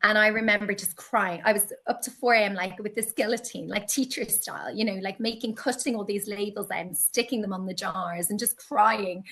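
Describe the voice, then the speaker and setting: A woman being interviewed, telling stories in a lively way and acting out her own past reactions. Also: moderate pace, hardly any pauses. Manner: animated, acts out her past self in high exclaims. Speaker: guest, teacher and candle maker. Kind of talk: conversational interview storytelling.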